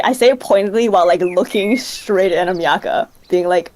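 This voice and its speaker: A woman player in a tabletop game, animated and apologetic, laughing as she argues in character. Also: mid-range voice, brisk, slight background noise. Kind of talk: casual tabletop game play.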